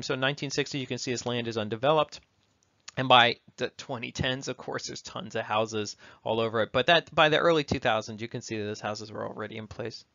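A man's voice: medium pitch, a bit bright, no room sound, lo-fi sound. A male university lecturer giving a recorded lecture in a conversational way, often checking in with tag questions.

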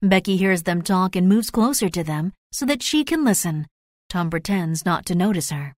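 A woman reading the narration of a graded storybook, slow and clear. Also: lowish voice, animated, a little mellow, no echo, studio quality. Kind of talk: scripted narration of a graded reader.

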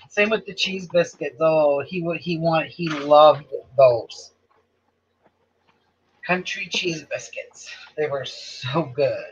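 A woman's voice: sits low, takes it slowly. A woman hosting a casual live-stream chat from indoors at home, talking in a rambling way with lots of restarts and trailing off. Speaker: quilting channel host. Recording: dull lo-fi audio, faint noise.

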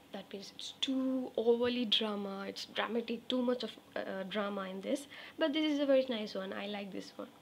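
Fairly high-pitched woman teaching English phrases. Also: a little hiss or hum. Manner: repeats example phrases slowly, coaxing check-ins. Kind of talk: spoken English lesson.

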